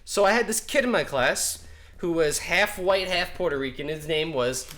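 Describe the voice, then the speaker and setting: A young man telling a school story on a casual podcast, animated and laughing as he acts out the people in it. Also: a little high, normal speed. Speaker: podcast co-host.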